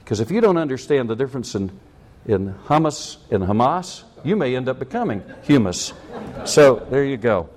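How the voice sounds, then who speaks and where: A man's voice: medium pitch, very animated, moderate pace, a little mellow. A man preaching a sermon, cracking jokes and acting out scenes in voices. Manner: jokey, acts out scenes in voices. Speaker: pastor.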